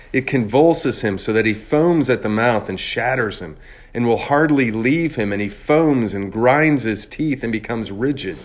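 A man preaching a sermon in an earnest, measured way, slowing down on key phrases. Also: mid-range voice.

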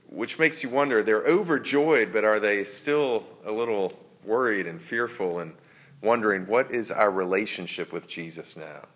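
Deep-voiced man preaching a sermon. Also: expressive, normal speed. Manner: earnest, reflective, drops to soft near-whispers for emphasis. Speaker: pastor.

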